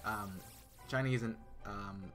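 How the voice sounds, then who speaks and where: A man's voice: fairly low pitch, fairly even intonation, takes it slowly, a bit bright, faint music behind. A man streaming a game live, chatting casually with his viewers, with lots of fillers and restarts. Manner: chatty, answers chat, many fillers and restarts.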